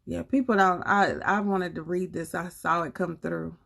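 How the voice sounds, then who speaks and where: A woman with a Southern US accent talks casually to her viewers on a live stream, earnest and a little preachy. Her voice sits low and comes out husky, with a gravelly edge. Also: steady tone, moderate pace, a bit bright. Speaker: livestream host.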